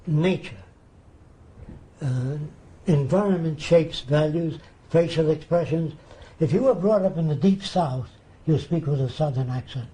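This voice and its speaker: A man's voice: on the high side, unhurried, mellow, rough recording. An older man, an interview guest, telling stories and acting out the voices of people he quotes. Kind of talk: storytelling in a TV interview.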